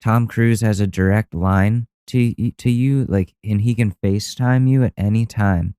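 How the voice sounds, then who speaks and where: A man's voice: on the low side, fairly even intonation, normal speed, dark tone, clear, resonant tone, no room sound. A podcast host, a man, casually reacting to viral videos with loose, profane, laughing commentary.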